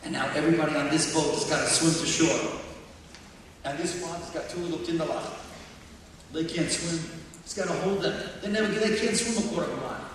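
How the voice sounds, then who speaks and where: A high-pitched man preaches with emphatic force and climbs into shouts at his peaks. He is heard from far off in a large hall with long, ringing reverb and a faint background of ambience. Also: a little fast, a little hiss or hum. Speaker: guest speaker. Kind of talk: sermon. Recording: distant echoey hall.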